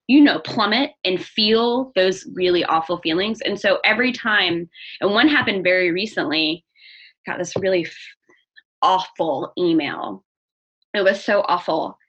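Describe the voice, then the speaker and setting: Bright earnest young woman, candid interview guest, slightly muffled lo-fi sound. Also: lowish voice, normal speed, husky. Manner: earnest, open, restarts often. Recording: dull lo-fi audio.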